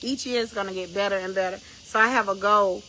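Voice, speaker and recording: A woman minister giving a livestream talk from home, emphatic, repeating her phrases and bursting into shouts. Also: mid-range voice, steady tone, fast talker, slight background noise, rough recording. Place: in bed at home at night.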